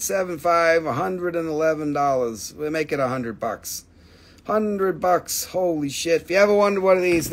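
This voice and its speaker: Excitable man selling rocks live. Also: fairly high pitch. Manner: excitable, playful, reels off prices and numbers. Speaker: host selling minerals on a live stream. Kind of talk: live sales stream, casual chat.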